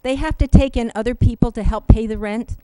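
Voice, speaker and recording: A woman's voice: on the high side, dark tone, clean tone, dry recording, rough recording. Earnest woman speaking at public comment. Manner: earnest, emotional, halting with fillers. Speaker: public commenter at city council. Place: city council meeting room.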